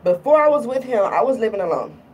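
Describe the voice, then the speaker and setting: A woman's voice: fairly high pitch, very animated, fast, darkish tone, recorded from a distance, a little hiss or hum, low-quality recording. A woman talking casually in a vlog, irritated and rambling, often repeating herself. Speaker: vlogger.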